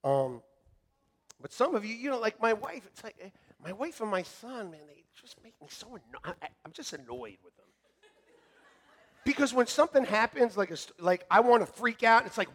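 Middle-aged male pastor, high and lively voice, animated joking sermon, shouts then hushes. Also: normal speed. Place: church sanctuary.

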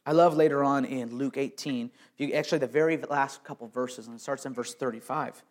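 A man preaching a sermon with emphasis, swinging between quiet, intimate lines and loud, raised passages, and often repeating words as he restarts. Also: medium pitch, steady tone, fairly quick. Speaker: pastor.

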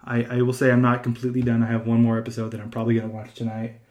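A man from California hosts a casual podcast conversation at an ordinary middle pitch. He rambles in an animated way, full of fillers and restarts, and jumps up high when he acts out other people. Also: rapid-fire. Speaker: podcast host.

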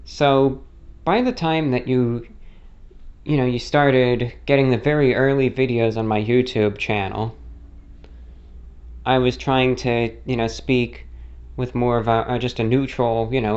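Young man, mid-Atlantic-style accent with New York and non-rhotic traces, rambling casual YouTube talk, mid-pitched, slightly dull audio. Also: fairly even intonation, measured pace, a little mellow. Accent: mid-Atlantic blend with non-rhotic and New York traits. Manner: rambling, many fillers and self-corrections. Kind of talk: casual spoken monologue.

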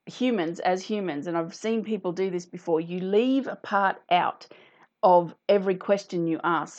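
Chatty woman, low voice, lo-fi. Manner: chatty, reads out viewer comments. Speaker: host. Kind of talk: casual talk to viewers.

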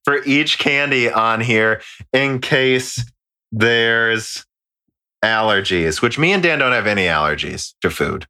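Bright-voiced guy joking around. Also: mid-range voice, animated, takes it slowly, clear, resonant tone. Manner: joking, swearing, stumbling over foreign words. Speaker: podcast co-host. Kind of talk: casual chat. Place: home recording during quarantine.

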